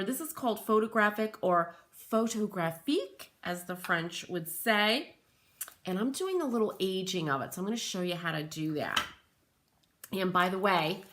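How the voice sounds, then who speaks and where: Middle-aged woman, live craft host, chatty, slow relaxed delivery, bright voice. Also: medium pitch. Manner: chatty, greets live viewers by name. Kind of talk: live-stream crafting chat.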